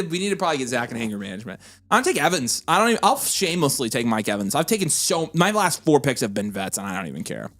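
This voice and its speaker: An excitable man co-hosts a casual livestream, reading viewer comments aloud and venting freely. His voice swoops through a wide range of pitch, over faint background music. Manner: animated and excitable, quick to vent frustration. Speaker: co-host of a fantasy football livestream.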